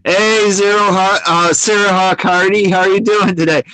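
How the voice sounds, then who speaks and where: A man in casual livestream chat, rambling and restarting his sentences often. His voice sits a little high. The sound is dry and close, with no room around it. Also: steady tone, normal speed, sharp tone, no room sound, rough recording.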